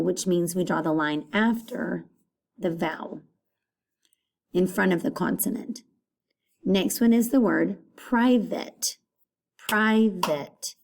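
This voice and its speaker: Female elementary teacher, recorded phonics lesson for kids, slow and patient, mellow tone. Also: lowish voice, creaky. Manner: slow, patient, repeats words aloud to children.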